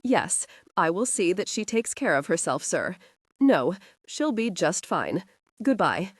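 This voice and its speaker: A woman reading the part of a man who leads an FBI unit, speaking in a calm, firm and steady way. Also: on the low side, unhurried, breathy edge, no room sound, studio quality, exaggerated voice.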